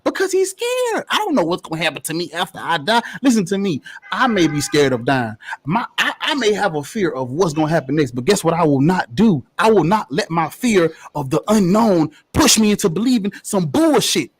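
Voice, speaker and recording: Husky guy with a high voice ranting, cussing, swinging up and down a lot, debate style. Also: sing-song, normal speed, hardly any pauses. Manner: profane, emphatic, preachy. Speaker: debate panelist. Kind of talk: heated debate argument.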